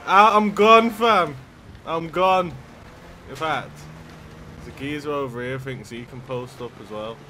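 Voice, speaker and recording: Excitable high-voiced gamer man. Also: a little slow, faint music behind. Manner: excitable, yelling and swearing at other players. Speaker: gaming YouTuber. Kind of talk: gameplay commentary.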